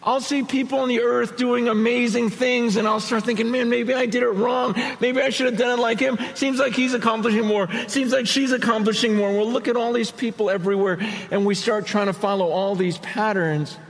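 High, gravelly-voiced preaching man. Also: in a large hall, slight background noise, low-quality recording. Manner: earnest, conversational preaching with quoted asides. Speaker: pastor. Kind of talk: sermon.

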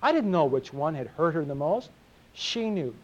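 A man's voice: on the high side, sing-song, moderate pace, darkish tone, highs cut off. A middle-aged man preaching a sermon in an earnest, confessional way, often repeating words as he speaks.

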